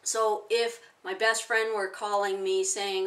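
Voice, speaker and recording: A woman in her forties, a self-help teacher, calmly walking through a technique step by step with everyday examples. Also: mid-range voice, slow, recorded from a distance. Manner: calm, explaining step by step with plain examples. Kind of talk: instructional talk to camera.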